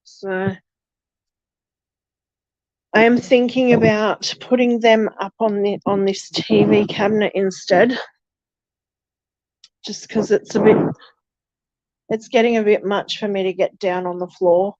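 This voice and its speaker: A woman's voice: medium pitch, steady tone, slow pace, pauses often, darkish tone, no room sound, muffled recording. A woman streaming casually while tending her fish tanks, chatty and self-deprecating, cooing to her fish. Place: home room with fish tanks.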